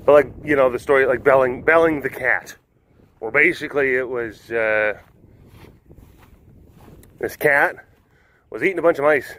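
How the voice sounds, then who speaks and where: A man's voice: medium pitch, moderate pace, long pauses, a bit bright. A man casually retelling old fables, rambling and full of filler words. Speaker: host. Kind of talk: casual storytelling.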